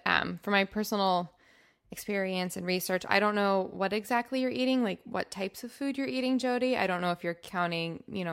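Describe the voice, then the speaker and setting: A young woman co-hosting a podcast, speaking carefully and thoughtfully in casual chat, qualifying her points with lots of "like". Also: medium pitch. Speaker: podcast co-host.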